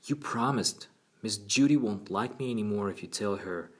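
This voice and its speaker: A man's voice: moderate pace, husky. A man voicing a frightened little boy who pleads and protests in an audiobook reading. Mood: frightened pleading. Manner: high, insistent, upset.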